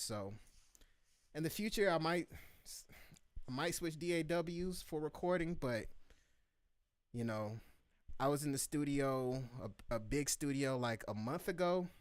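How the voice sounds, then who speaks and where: A man hosting a live beat review show, telling a story in casual chat and acting out the quotes with lively voices. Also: medium pitch, no room sound.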